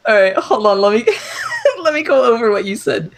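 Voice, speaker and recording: A man's voice: extremely high pitch, huge pitch swings, normal speed, gravelly. A man co-hosting a casual podcast, reading a story aloud and laughing often between lines. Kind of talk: casual chat.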